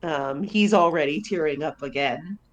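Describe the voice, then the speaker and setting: A woman's voice: deep voice, highs cut off. A woman describing her character's actions in a tabletop game, with frequent fillers. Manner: unhurried, with fillers. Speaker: player.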